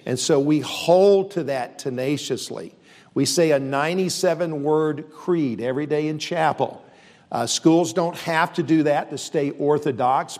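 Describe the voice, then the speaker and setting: Speaking to a church audience, a university leader comes across earnest and steady, with frequent fillers and restarts. He has a fairly high-pitched, darkish voice, and the recording carries long reverb.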